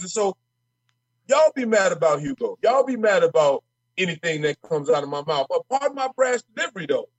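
A man's voice: high-pitched, very animated, a little fast, dry recording, muffled recording. A man speaking as a state legislator guest in an interview, emphatic and fiery, repeating words as he heats up. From Minnesota. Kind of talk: passionate interview talk.

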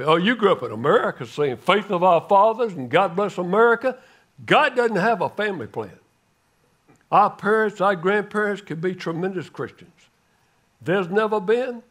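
An older man preaching a sermon, telling a story dramatically and swinging from loud calls to hushed words. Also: high-pitched. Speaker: guest preacher.

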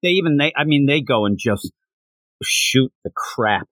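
A man from Pennsylvania, co-hosting a casual podcast about manga. He acts out characters' lines in quick put-on voices. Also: medium pitch, expressive, fairly bright tone, dry recording. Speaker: podcast co-host.

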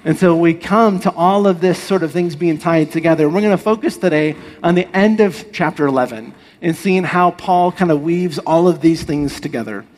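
A man's voice: fairly high pitch, normal speed, few pauses, darkish tone, low-quality recording. A man preaching a sermon, explaining the text earnestly with rhetorical questions and letting his voice fall at the end of phrases. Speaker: pastor.

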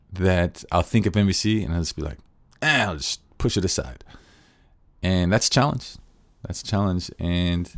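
A man's voice: on the low side, a little mellow, dry recording. A man giving an earnest, casual spoken lesson on nonviolent communication, thinking aloud with frequent restarts.

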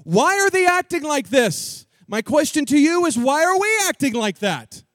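A male preacher telling a story in an animated, jokey, slangy sermon style. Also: extremely high pitch, normal speed, no room sound, clean studio sound.

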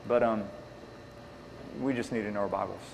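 A man's voice: lowish voice, fairly even intonation, normal speed, vocal fry. A man answering audience questions on evangelism in an earnest, plainspoken way, restating each question before he answers. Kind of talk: Q&A talk. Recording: long reverb in a hall, faint noise.

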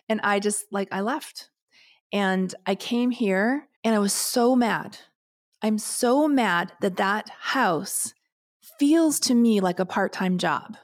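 A woman's voice: mid-range voice, a little slow. A middle-aged woman co-hosting a podcast, speaking frankly and emotionally, close to tears. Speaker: podcast co-host. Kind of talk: casual podcast chat.

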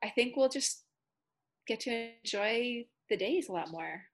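A woman's voice: on the high side, animated, unhurried. A woman guest on a podcast, talking in a reflective, giggly way over a video call. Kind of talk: casual heartfelt conversation.

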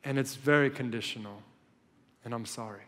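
A man acting out the disciple Peter in a sermon, speaking low and subdued. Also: moderate pace, fairly bright tone, in a large hall, close to an everyday voice. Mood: remorseful. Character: remorseful male disciple Peter, ashamed.

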